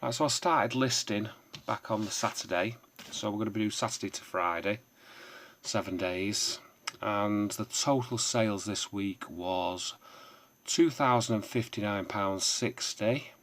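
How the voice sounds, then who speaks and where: Rambling, hesitant man with a lowish voice. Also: a little slow, a bit bright. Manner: rambling, goes off on tangents; hesitant with frequent uh fillers. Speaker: online seller and vlogger. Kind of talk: casual rambling vlog.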